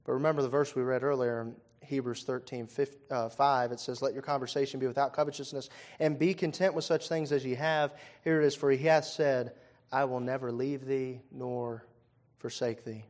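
A man preaching a sermon, moving from quiet conversational storytelling to loud, impassioned peaks, with frequent "uh" and "you know" fillers. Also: medium pitch, fairly even intonation, fairly quick, few pauses.

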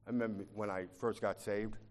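A man preaching a sermon, shifting from quiet, confiding talk to loud, impassioned pleading, often repeating words as he restarts. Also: fairly low pitch, flat delivery, fairly quick. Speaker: pastor.

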